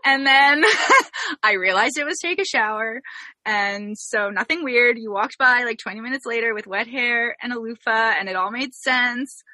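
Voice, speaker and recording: A woman's voice: on the high side, moderate pace, pushed and bright, dry recording. A young Canadian woman hosting a podcast, telling a story in a bubbly, giggly way. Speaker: podcast host. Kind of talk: casual interview chat.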